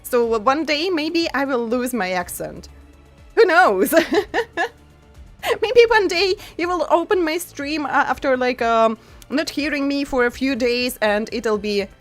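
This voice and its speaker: A woman's voice: high voice, lively intonation, slow, faint music behind. A woman streamer with a non-native English accent, chatting casually with her viewers, full of fillers and laughing often. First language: not English. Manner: chatty, frequent fillers and laughs, reads chat aloud. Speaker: VTuber streamer.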